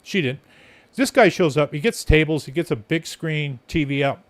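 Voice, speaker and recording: A man's voice: a little high, normal speed. A male podcast host telling a story in a casual, rambling monologue, blunt and swearing freely.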